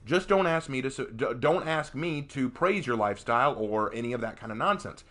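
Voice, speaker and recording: Animated, emphatic male game streamer. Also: mid-range voice, fairly quick. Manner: animated, emphatic ranting with restarts. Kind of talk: casual commentary while streaming a game.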